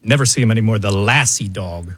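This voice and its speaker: A man co-hosting a radio talk show, chatting casually in an upbeat, animated way. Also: lowish voice, breathy edge, no echo. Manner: upbeat, animated, quick to laugh along.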